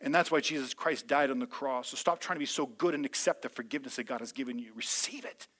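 A man preaching a sermon to a congregation. He speaks to them directly, and his delivery rises from calm teaching to loud, impassioned preaching. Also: mid-range voice, quick pace. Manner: addresses the audience directly, calls for responses. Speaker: pastor. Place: large room with a live congregation.

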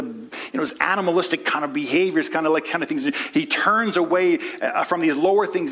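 A pastor delivers a sermon in a man's fairly high voice. He swings from hushed, low asides into soaring, impassioned prayer lines. Warm folksy asides to his church family run throughout. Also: slightly rough.

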